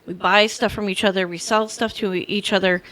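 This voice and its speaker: A woman co-hosting a casual podcast, opinionated and quick to laugh. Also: medium pitch, steady tone, a bit bright. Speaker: podcast co-host. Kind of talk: casual chat.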